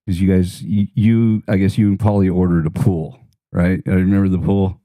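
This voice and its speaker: A man's voice: sits low, steady tone, normal speed, mellow, no echo. Swearing, rambling man. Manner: rambling, swears freely, laughs at own story. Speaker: podcast guest. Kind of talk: casual storytelling.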